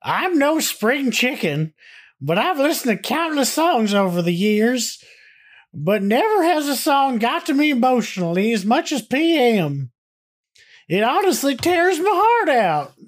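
A man putting on an old man voice to read a listener's post aloud, high and exaggerated. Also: sing-song, measured pace, full character voice. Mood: wistful. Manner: exaggerated doddering voice.

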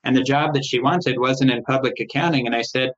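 Middle-aged man, firm manager, recounts anecdotes animatedly with mid pitch; slightly dull recording. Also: brisk. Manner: animated, rises in pitch when quoting others, frequent restarts. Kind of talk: conversational storytelling interview. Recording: slightly muffled, lo-fi sound.

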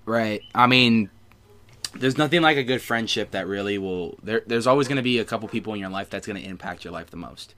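A man hosting a podcast, earnest and halting, with many fillers. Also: lowish voice, bright, forceful tone. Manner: earnest, hesitant, lots of fillers. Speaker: podcast host. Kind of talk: casual podcast interview.

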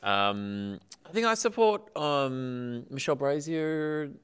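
A man hosting a comedy panel, with a smooth, clear voice. He fills his sentences with ums as he reads out the week's question and a list of supporters. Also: medium pitch, animated, slow, a bit bright. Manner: hesitant, lots of ums, reads out names. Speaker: host.

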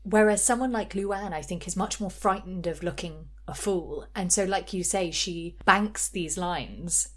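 A woman's voice: lowish voice, measured pace, few pauses. A woman co-hosting a podcast in casual pop-culture chat, gossipy and given to acting out quotes. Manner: gossipy, acts out quotes in bursts. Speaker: podcast co-host.

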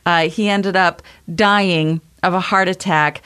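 A woman's voice: lowish voice, steady tone, a bit bright, clean tone. Wisecracking female podcast co-host. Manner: dry, quick quips and wisecracks. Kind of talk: casual chat.

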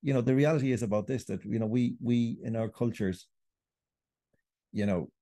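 A man's voice: medium pitch, normal speed, warm tone, dry recording, clean studio sound. A middle-aged Irish man, a writer and podcast guest, making a long, earnest argument. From Ireland. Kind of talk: podcast interview.

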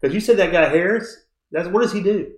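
A man's voice: sits high, brisk, echoey room. A man co-hosting a casual sports podcast, talking bluntly and cursing freely. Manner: blunt, profane, agreeable.

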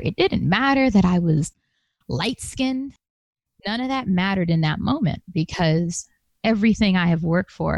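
A woman's voice: fairly low pitch, vocal fry, darkish tone, dry recording. A woman telling a personal story to an audience, conversational and emphatic, acting out the voices of the people she quotes. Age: adult with a master's degree.

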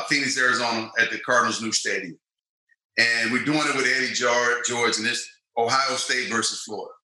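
A man's voice: medium pitch, echoey room, low-quality recording. A man, telling stories as an interview guest and acting out quotes. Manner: animated storyteller, acts out quotes. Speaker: guest, former football player. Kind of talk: storytelling interview.

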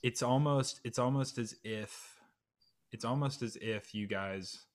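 A man hosting a casual podcast interview, relaxed with fillers and frequent laughter. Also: mid-range voice, unhurried. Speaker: podcast host.

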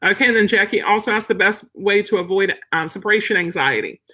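A woman's voice: medium pitch, animated, quick pace, pushed and bright. A woman dog trainer answering viewer questions in a casual, plain-spoken live teaching session. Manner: chatty, plain-spoken, acts out quotes.

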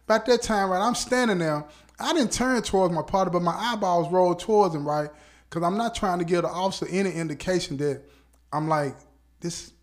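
A man hosting a podcast, telling a story in a casual, animated way, laughing often and checking in with his listeners. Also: high voice. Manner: animated, laughs often, peppers speech with "you know what I'm saying". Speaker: podcast host.

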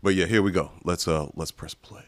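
A man's voice: low-pitched, fairly even intonation, a little fast. A man hosting a casual reaction chat, laid-back and full of fillers as he introduces clips. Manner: laid-back, filler-heavy, laughs easily. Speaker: podcast host.

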